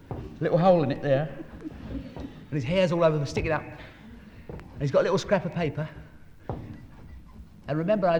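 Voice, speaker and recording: A man's voice: on the high side, darkish tone. A middle-aged man, an actor, telling chatty anecdotes to an audience on stage with asides and chuckles, speaking into a stage microphone. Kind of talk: anecdotal stage talk and poem reading. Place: hall with a live audience. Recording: echoey hall, faint noise.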